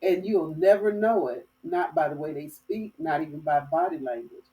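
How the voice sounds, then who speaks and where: A woman from Florida telling a lively story as host of a dating advice talk, with folksy phrasing. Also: low-pitched, normal speed, far from the mic, poor audio. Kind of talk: casual storytelling monologue.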